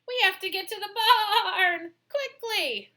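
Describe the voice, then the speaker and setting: A woman's voice: very high-pitched, slow pace, bright, forceful tone, voice pushed up, full character voice. A woman voicing a timid, fearful flock of sheep in a storybook, stammering and fretful. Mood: alarmed.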